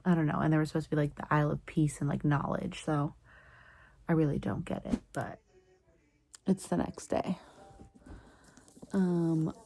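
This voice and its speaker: Reading on camera, a young book vlogger speaks in a low-pitched, mellow, creaky voice with a steady tone, a moderate pace and frequent pauses, and there's no echo. Her casual commentary is emotional, often whispered, and loosely retells the plot.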